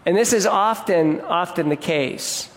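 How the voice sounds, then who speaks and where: An earnest male pastor gives a conversational sermon, frequently restarting his words mid-thought, and his pace is a little slow. His voice sits slightly high for a man and rings out with long reverb in a large, echoey hall.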